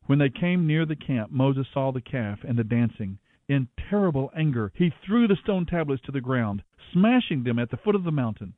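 A man reading the Bible aloud in a steady, measured manner as the show's regular reader. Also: medium pitch, no echo. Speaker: scripture reader. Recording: dry, phone-like narrow sound.

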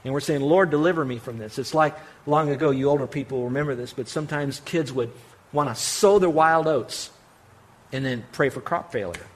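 A man preaching a sermon as pastor, earnestly acting out prayers and dropping between loud and hushed delivery. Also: medium pitch, moderate pace.

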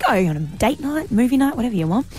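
A woman hosting a radio show from the studio, chatty and bubbly with quick laughs. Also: on the high side, big pitch swings, a little mellow. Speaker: radio host. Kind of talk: casual radio chat. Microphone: studio mic.

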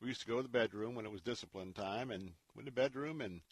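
A man hosting a Christian radio talk show, speaking in an earnest, preacherly way and dropping to a hushed tone when he tells a story. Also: on the low side, quick pace, husky, no echo. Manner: earnest, preacherly, drops to a hush for stories.

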